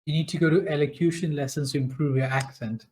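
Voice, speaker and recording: A man's voice: on the high side, steady tone, quick pace, a little mellow. A man playing a duet tabletop game as the guardian, teasing and scheming against the other player.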